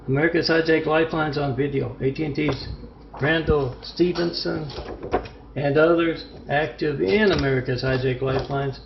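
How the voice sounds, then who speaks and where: Rambling gravelly man in a roomy room. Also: a little high, fairly even intonation, moderate pace. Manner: rambling, repetitive, with frequent hesitations. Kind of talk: ranting home video monologue. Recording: roomy dull lo-fi recording with faint noise.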